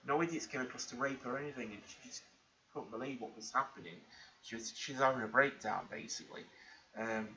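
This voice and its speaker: Bright-voiced man telling an emotional story. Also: medium pitch, fast, vocal fry. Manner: earnest, rambling, emotional, many restarts. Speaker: vlogger. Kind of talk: personal storytelling monologue. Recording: muffled lo-fi recording with faint background hiss.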